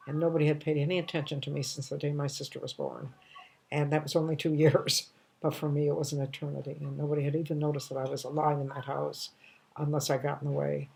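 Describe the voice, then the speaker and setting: A woman in her eighties telling a personal story at home, in a halting way with restarts and soft trailing phrases. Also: low voice, creaky, slightly rough. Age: 80s. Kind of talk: casual storytelling monologue.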